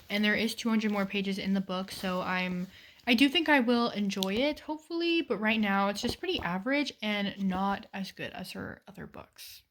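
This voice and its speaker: A young woman chatting casually on her book vlog, in an animated, self-deprecating way. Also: fairly high pitch. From United States. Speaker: book vlogger.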